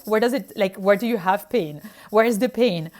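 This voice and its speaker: A woman's voice: mid-range voice, normal speed, a little mellow. A woman from France with a French accent, a physician telling her own stories in a casual chat and acting out her past reactions. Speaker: physician sharing her experiences.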